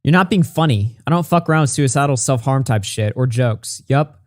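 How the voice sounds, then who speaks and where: Guy reading texts out loud n swearing at them, dry close mic, mid pitch. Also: expressive, dry recording. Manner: blunt, profane, reads texts quickly. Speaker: commentary channel host. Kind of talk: reading messages aloud with commentary.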